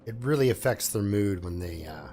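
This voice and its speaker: Low-voiced man rambling over gameplay. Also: expressive, normal speed, warm tone. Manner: rambling, thinking aloud with fillers and restarts. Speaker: gameplay commentator. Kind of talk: casual let's-play commentary.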